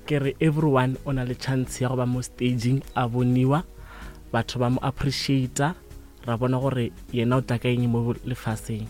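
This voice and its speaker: Flat-voiced man, faint music behind. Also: mid-range voice, fairly quick. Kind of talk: short interview statement.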